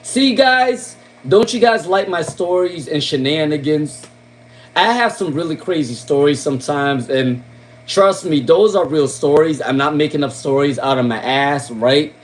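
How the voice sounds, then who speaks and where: A man's voice: fairly high pitch, moderate pace. A man doing tarot readings on a livestream, talking to viewers casually and rambling with lots of ums. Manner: chatty, rambling, filler-heavy. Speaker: tarot reader.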